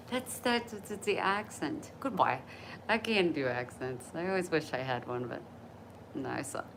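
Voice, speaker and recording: A woman with a low voice chats to her viewers from her bed late at night. She is encouraging and laughs easily. Steady hiss and background noise run under the phone audio. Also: a little slow, low-quality recording. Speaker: livestreamer reading viewer comments. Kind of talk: casual livestream chat.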